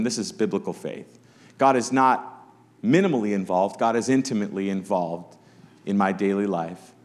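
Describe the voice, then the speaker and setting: A man's voice: on the low side, darkish tone. A pastor preaching a Sunday sermon in church, conversational, acting out the voices of Bible characters as he tells the story.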